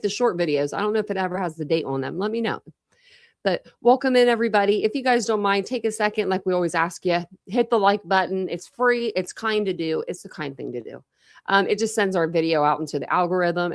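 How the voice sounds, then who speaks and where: A woman from Ohio, United States, hosts a true crime livestream, chatting casually, greeting viewers by name and using lots of fillers. Her voice is medium-pitched, and the clean studio recording has no room sound.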